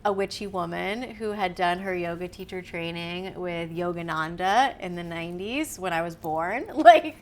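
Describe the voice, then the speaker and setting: A woman, a podcast guest, telling a story in casual chat, animated and laughing often as she acts out what others said. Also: lowish voice, moderate pace, hardly any pauses.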